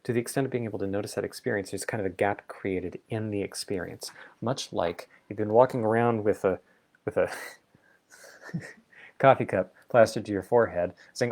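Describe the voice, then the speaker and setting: A man's voice: on the low side, a little fast, creaky, darkish tone. A man hosting a reflective solo talk, thinking aloud in an exploratory, playful way. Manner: thoughtful, exploratory, playful asides. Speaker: vlog host.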